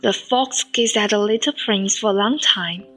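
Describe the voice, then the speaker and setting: A woman narrating a storybook aloud, softly and calmly. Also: medium pitch, moderate pace, faint music behind. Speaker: reader. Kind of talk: storybook reading.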